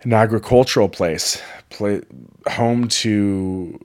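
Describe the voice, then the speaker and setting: Man, from California, low-pitched, rambling, enthusiastic, casual vlog. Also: slow, a little mellow. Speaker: vlogger.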